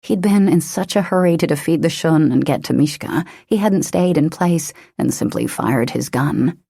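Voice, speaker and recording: A woman narrating an action-romance audiobook in a steady, dramatic manner. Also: deep voice, normal speed, gravelly, slightly rough, no echo, clean studio sound. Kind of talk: scripted narration.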